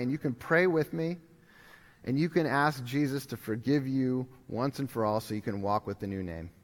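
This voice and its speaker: A male pastor preaching a sermon, telling a story with animated swings from urgent loud appeals to hushed, quiet moments. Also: fairly high pitch, in a large hall. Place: church sanctuary.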